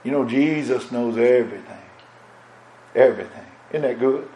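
A man's voice: mid-range voice, normal speed, warm tone, roomy sound, slight background noise, low-quality recording. A man preaching a sermon in an impassioned cadence that swells and drops.

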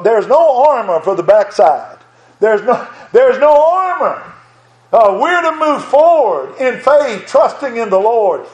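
A man's voice: high voice, darkish tone. A man preaching a sermon from the pulpit of a small church, earnestly quoting scripture in old-style wording. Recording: echoey church room.

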